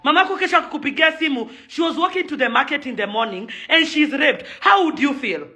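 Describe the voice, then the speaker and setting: A woman's voice: high-pitched, lively intonation, fast talker, bright, forceful tone, faint music behind. A young woman with a Kenyan accent giving an angry, emphatic video rant and repeating her points. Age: young adult. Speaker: socialite and event organizer.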